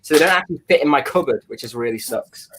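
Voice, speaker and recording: A man chatting casually on a livestream, teasing and talking in quick bursts. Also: mid-range voice, lively intonation, fairly bright tone, slight background noise. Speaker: livestream host. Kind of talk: casual chat.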